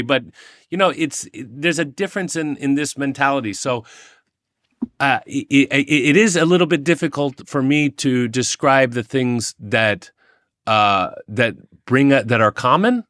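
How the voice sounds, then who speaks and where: An American man speaking as an interview guest, animated and quick to laugh. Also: mid-range voice, no echo, clean studio sound. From United States. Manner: animated, laughs often, acts out others' speech. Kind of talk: casual conversation.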